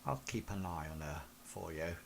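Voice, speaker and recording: Guy doing a chill young dude, low and quiet, steady and reassuring. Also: moderate pace, creaky, a little hiss or hum.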